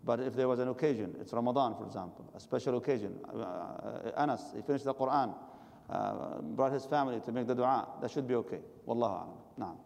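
Fast-talking man teaching in a reverberant hall. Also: medium pitch, vocal fry, a little mellow. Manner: explanatory, advising listeners directly. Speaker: religious teacher. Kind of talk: Islamic lecture and question-and-answer.

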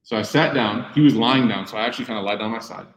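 A young man giving a sermon, telling personal stories lively and acting out the voices in quotes. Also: fairly low pitch, rapid-fire. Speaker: Muslim speaker giving a talk. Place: room with audience. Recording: echoey room.

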